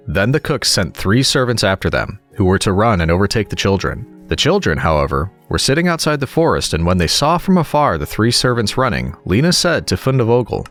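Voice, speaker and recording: Relaxing storybook narrator, man, low and expressive. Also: brisk, faint music behind. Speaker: audiobook narrator. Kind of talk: storybook reading.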